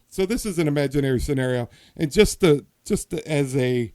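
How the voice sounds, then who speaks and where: A man's voice: a little high, expressive, brisk, hardly any pauses, mellow, clean tone. A man hosting a podcast in casual chat, telling a hypothetical story with many restarts and asides. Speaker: podcast host.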